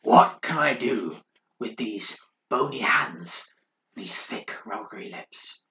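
A crazed monk voiced by a man rasps in a thin whisper or cries out high and strained, over and over, with a sharp, bright edge. The sound rings in a roomy, echoey space. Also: slow, far from the mic, slight background noise. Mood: eerie whisper. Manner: whispery, wailing repetition. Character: mad male monk, eerie, muttering. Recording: roomy echo.

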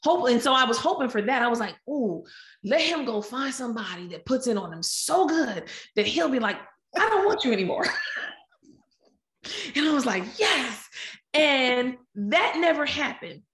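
A woman telling a personal story in a lively, animated way, acting out the quotes. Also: high voice, unhurried. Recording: echoey room.

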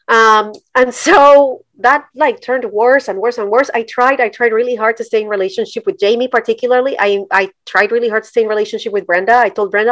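A woman's voice: a little high, fairly even intonation, fairly quick, hardly any pauses, fairly bright tone, dry recording. A middle-aged woman from Colombia, a podcast guest telling her story candidly. She talks directly and emphatically, slipping into voices of the people she quotes.

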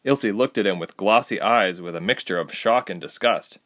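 A man narrating a fantasy audiobook in steady storytelling. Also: fairly low pitch, normal speed.

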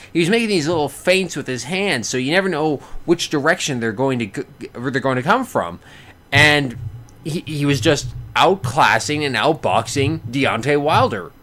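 A man casually recapping a boxing match he watched, rambling with many restarts and bursts of excitement. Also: on the high side. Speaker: boxing fan reviewing a fight.

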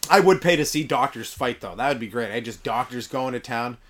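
Guy doing a comedy podcast alone, rambly and sarcastic, pitch swings all over. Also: animated, fairly quick, slight background noise. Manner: rambling, sarcastic, mumbles asides. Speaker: podcast host. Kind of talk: stand-up comedy monologue.

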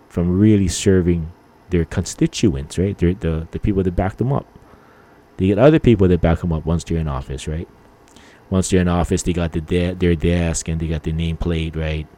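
A man's voice: deep voice, warm tone. A man in his fifties hosting a podcast, chatting casually and rambling with mild swearing and lots of filler words. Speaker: podcast host.

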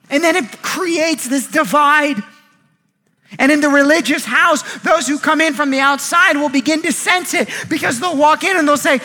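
A man in his thirties preaching a sermon, animated, acting out quoted voices and often repeating words as he goes. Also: very high-pitched, normal speed. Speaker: pastor.

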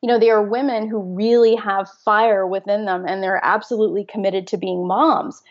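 A woman's voice: mid-range voice, steady tone, normal speed. Earnest woman coach, slightly dull audio. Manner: earnest, emphatic, laughs while talking. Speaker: guest, fertility mindset coach. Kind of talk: conversational interview.

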